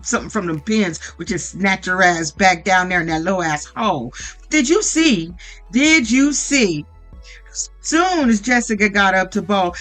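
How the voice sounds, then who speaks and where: A woman's voice: mid-range voice, fairly bright tone. A woman giving casual reality TV recap commentary in a blunt, profane and opinionated way. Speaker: vlogger recapping a reality show.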